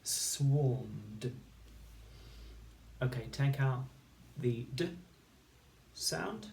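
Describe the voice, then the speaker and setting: A man teaching a recorded phonics lesson, sounding out words slowly and clearly, one sound at a time. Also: mid-range voice, animated, darkish tone, slight background noise. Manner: slow, clear, patient instruction with sound-by-sound segmenting. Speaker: primary school teacher.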